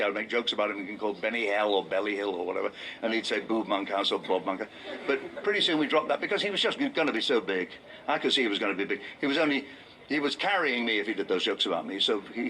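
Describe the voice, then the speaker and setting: Wry older English comedian telling stories. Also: male voice, sharp tone, a little hiss or hum, rough recording. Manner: wry storyteller, drops into low mock voices for punchlines. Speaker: comedian and game show host. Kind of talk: anecdotal stand-up and reminiscence.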